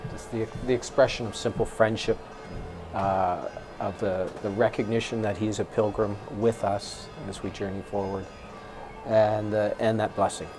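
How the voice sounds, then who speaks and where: A man, a studio guest, gives soft-spoken, hesitant reflections on live news. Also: on the low side, steady tone, normal speed, over music.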